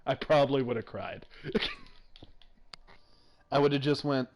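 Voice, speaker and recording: A man hosting a gaming stream, chatting casually and excitably, laughing often as he rambles. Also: medium pitch, a little slow, a little hiss or hum. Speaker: streamer host. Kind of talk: casual chat while gaming.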